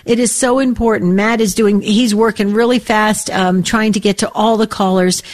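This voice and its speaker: A woman co-hosting a call-in radio show, speaking warmly and with care to callers. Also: medium pitch, fairly even intonation, normal speed. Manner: warm, caring, prayerful.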